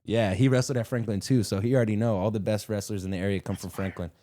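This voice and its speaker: A man's voice: on the low side, steady tone, fast talker, dark tone. A man who fights MMA, telling stories in a casual podcast chat, laid-back, slangy and profane. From El Paso area.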